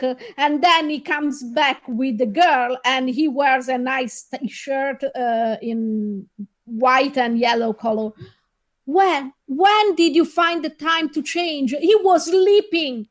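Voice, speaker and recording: High-voiced woman, slow and hesitant. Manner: hesitant, many "uh" fillers, wry. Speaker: film reviewer, podcast co-host. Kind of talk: casual chat.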